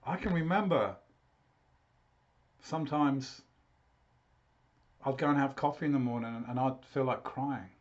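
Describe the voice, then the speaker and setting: A man's voice: mid-range voice, measured pace, long pauses, muffled recording. A man working as a health coach, talking through a live consultation with many restarts and repeated words.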